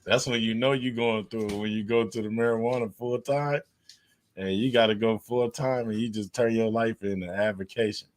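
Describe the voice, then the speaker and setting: A man's voice: on the low side, fairly even intonation, moderate pace. A man co-hosting a sports podcast in casual chat, talking in a laid-back, slangy way. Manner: laid-back slangy talk, laughs along. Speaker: podcast co-host.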